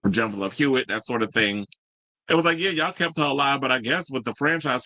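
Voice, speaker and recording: Male podcast host, sassy chatty commentary, lively pitch swings, bright voice, dry close sound. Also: dry recording, poor audio. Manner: sassy, animated, reads chat comments aloud. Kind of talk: casual pop culture commentary.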